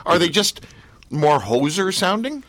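A man's voice: high voice, very animated, unhurried, a bit bright, slight background noise. A man hosting a radio show in a studio, joking and rambling with plenty of fillers. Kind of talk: casual studio chat.

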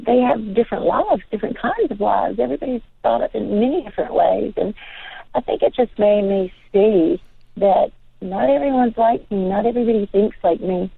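A woman's voice: medium pitch, moderate pace, creaky, slightly rough. An older woman, a guest in an interview, chatting in a rambling way full of "you know". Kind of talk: casual interview chat. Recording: tinny phone-like line, dry.

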